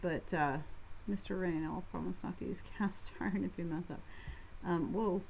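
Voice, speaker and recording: A woman's voice: lowish voice, fairly even intonation, vocal fry, darkish tone, slight background noise, rough recording. A woman co-hosting a homestead live-stream Q&A, chatting casually, rambling and breaking off mid-thought with small laughs. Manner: rambling, self-interrupting, quick laughs. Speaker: co-host of a homestead live show.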